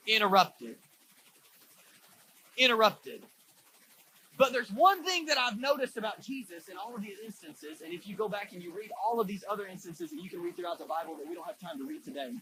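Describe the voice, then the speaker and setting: Male pastor, sermon, high pitched voice, casual storytelling, church. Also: fairly bright tone, slightly rough, low-quality recording. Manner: casual storytelling with many fillers.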